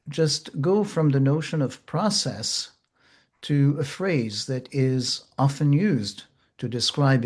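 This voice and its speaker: A man teaching therapists in a slow, gentle, measured way, pausing often. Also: medium pitch. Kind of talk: reflective teaching talk.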